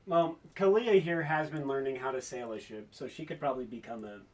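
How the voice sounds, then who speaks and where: A man playing in a tabletop game, assertive and quick to argue. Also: medium pitch. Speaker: player. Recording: distant mic.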